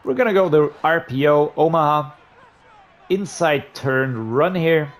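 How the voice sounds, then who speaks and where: A man giving gameplay commentary on a football video game, muttering low between plays and breaking into loud, frustrated outbursts. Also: expressive, unhurried. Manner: frustrated, ranting and swearing at the game. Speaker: gaming YouTuber.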